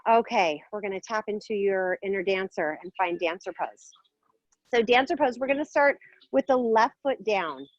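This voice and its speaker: A woman's voice: mid-range voice, normal speed, dry recording, dull audio. Playful, upbeat woman yoga teacher. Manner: upbeat, playful, encouraging cues. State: a little out of breath. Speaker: yoga instructor. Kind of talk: guided yoga class instruction.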